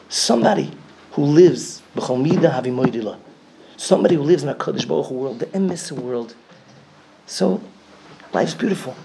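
A man with a Yeshivish English accent giving a sermon, telling a story with strong swings from loud emphasis to a near whisper. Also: mid-range voice, creaky, a little hiss or hum. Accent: Yeshivish English, Yiddish and Hebrew words. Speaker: rabbi giving a talk.

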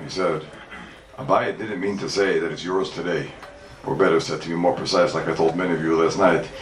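A man teaching Talmud to a congregation as a rabbi, emphatic, asking and answering his own questions and repeating key points. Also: deep voice. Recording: echoey room mic from far off, faint background noise.

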